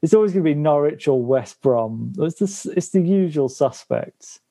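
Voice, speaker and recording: A man co-hosting a football podcast, reading out listener questions and giving brisk, matter-of-fact opinions. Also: a little high, lively intonation, warm tone. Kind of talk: casual chat.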